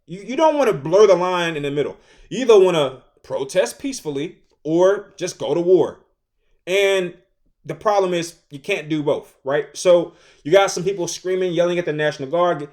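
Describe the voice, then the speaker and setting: Guy in his 30s talking his mind, kinda high voice, lots of slang and repeats. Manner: animated, repetitive, conversational with slang. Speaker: commentary host. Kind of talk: casual opinion commentary.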